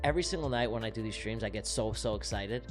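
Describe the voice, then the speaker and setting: A man's voice: on the low side, fast, music in the background. Rambling, affectionate male stream host. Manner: rambling, affectionate, repeats himself. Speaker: trading livestream host. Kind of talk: casual live-stream chat.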